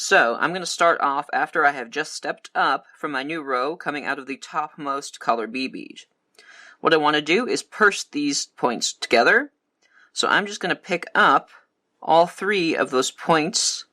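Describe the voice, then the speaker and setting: A man giving a calm, methodical step-by-step beading tutorial. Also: a little high. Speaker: beading instructor.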